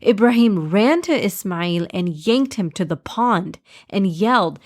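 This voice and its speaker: A woman narrating a children's story with gentle, measured reading. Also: on the low side, expressive.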